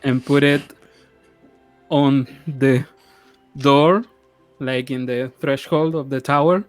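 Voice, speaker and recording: A man's voice: medium pitch, fairly even intonation, takes it slowly, faint music behind. A man playing his character in a tabletop game, hesitant and stammering through restarts. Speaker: player.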